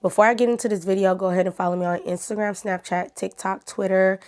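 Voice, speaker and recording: A woman's voice: medium pitch, fairly even intonation, fast, darkish tone. A woman YouTuber chatting casually to her viewers while telling a personal story. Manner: chatty, talks straight to viewers.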